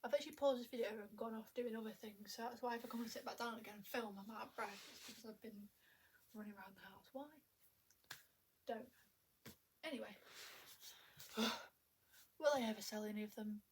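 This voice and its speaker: A woman's voice: on the high side, steady tone, fairly quick, pauses often, noisy background. A young woman vlogging at home into a tablet camera, chatty and self-mocking, a little out of breath and often half-whispering. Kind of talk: rambling casual chat to camera. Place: at home indoors.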